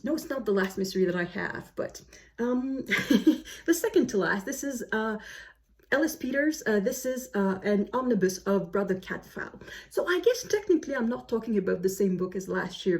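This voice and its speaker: A woman vlogger chatting casually about books she plans to read, full of fillers and self-corrections. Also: medium pitch. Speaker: book vlogger. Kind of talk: casual book chat to camera. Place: home, snowy day outside.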